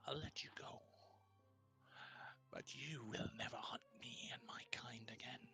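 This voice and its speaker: A man voicing a menacing clawed monster in a hushed, threatening whisper, as whispered role-play in a tabletop game. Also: medium pitch, unhurried, faint music behind.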